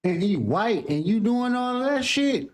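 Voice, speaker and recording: High-voiced man reacting with profane disbelief. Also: big pitch swings, unhurried. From San Francisco. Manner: profane, incredulous, heated. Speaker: reaction show host. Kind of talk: casual reaction commentary.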